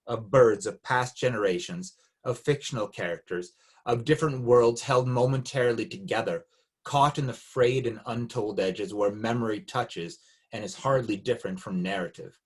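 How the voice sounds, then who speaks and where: A man giving an academic seminar talk, reading from his paper in a measured, reflective way. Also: mid-range voice, slightly rough. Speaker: academic speaker. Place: Canada.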